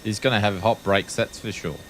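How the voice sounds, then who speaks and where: An Australian man with a lowish voice gives relaxed, wry running commentary as a streamer. He often trails off with ums. A faint engine hum sits under his speech. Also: a little fast. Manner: chatty, wry, with frequent ums. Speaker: flight sim streamer. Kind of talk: casual live-stream commentary.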